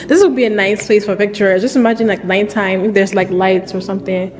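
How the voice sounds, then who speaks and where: A woman chatting casually to the camera on a travel vlog, excited and laughing often. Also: mid-range voice, fairly quick. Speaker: travel vlogger. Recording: music playing over the voice.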